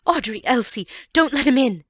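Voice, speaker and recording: A woman's voice: fairly low pitch, sing-song, measured pace, a bit bright, dry recording, clean studio sound. A woman doing a fretful, quavering older aunt. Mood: panicked. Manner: quavering, easily alarmed.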